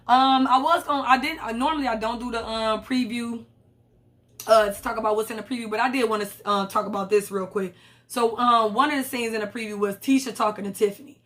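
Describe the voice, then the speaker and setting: A woman's voice: fairly high pitch, fairly even intonation, a little fast, fairly bright tone. A young woman, recapping a reality show in casual, blunt and profane commentary and acting out the lines she quotes.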